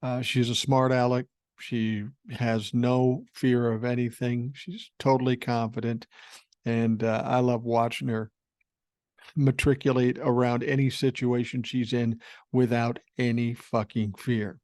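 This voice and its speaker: A man in his sixties hosts a casual podcast, rambling through stories with blunt, salty language. His pitch sits at an average level for a man. The sound is close and dry, with no room echo. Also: flat delivery, unhurried, a little mellow. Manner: blunt, profane, rambling storyteller. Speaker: podcast host. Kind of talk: casual podcast talk reading listener email.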